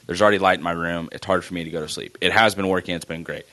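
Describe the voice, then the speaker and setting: Deep-voiced man telling a story. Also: rapid-fire. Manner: animated storytelling, frequent swearing. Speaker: podcast co-host. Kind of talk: casual chat.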